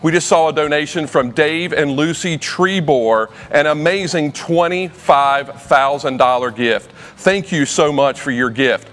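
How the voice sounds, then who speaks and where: A man's voice: fairly high pitch, a little slow, few pauses, fairly bright tone, big-room sound. A man working as auctioneer, making a rousing fundraising appeal in a studio and calling out donation levels.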